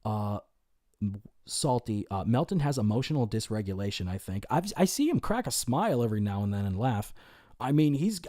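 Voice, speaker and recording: A man hosts a casual livestream, answering his chat in a rambling, profane way full of fillers and restarts. His voice is warm and medium-pitched, recorded at studio quality with no room sound.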